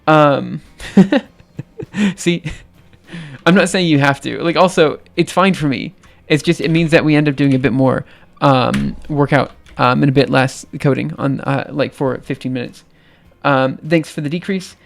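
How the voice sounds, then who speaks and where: A young man hosting a live stream, his voice light and somewhat androgynous, sitting a bit higher than most men's. He talks in a loose, rambling way, full of ums and restarts, and laughs easily. His voice has a noticeable gravelly fry. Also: measured pace. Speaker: livestream host. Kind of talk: casual live-stream chat.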